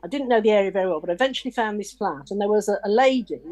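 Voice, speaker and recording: Lively woman telling stories. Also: mid-range voice, racing. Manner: lively storyteller who acts out the people in her stories. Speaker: guest. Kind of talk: casual chat, telling stories. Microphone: video call.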